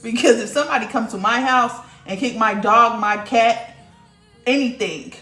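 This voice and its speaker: A woman's voice: a little high, normal speed, bright, forceful tone, roomy sound, faint music behind. A woman hosting a casual livestream, talking bluntly and profanely straight to her viewers in the chat. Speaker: livestream host.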